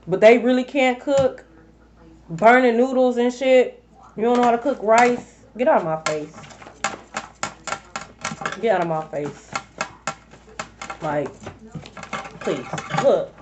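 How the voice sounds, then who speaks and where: A woman's voice: on the high side, slow, long pauses, a little mellow, slight background noise. A woman giving a collective tarot reading, blunt and profane, repeating her points for emphasis. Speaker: tarot reader. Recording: dull lo-fi recording.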